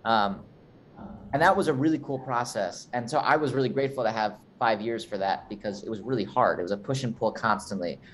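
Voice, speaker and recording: A man's voice: fairly low pitch, brisk, a bit bright, a little hiss or hum. A young man, a guest actor, chatting casually and rambling with many fillers over a video call. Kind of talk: casual chat.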